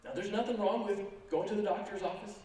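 A pastor preaching a sermon in an animated, joking manner with sarcastic asides. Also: male voice, sits high, fast. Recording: echoey sanctuary, from a distance.

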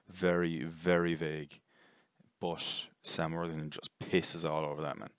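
A man's voice: very deep voice, level tone, unhurried, smooth, no room sound, clean studio sound. A young man rambling casually through a jokey film review, swearing and correcting himself often.

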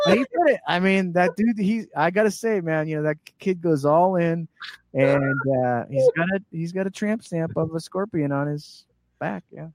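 A man telling a story in casual chat as a guest, animated and acting out the voices of the people in it. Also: a little high, normal speed. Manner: animated, acts out quoted voices.

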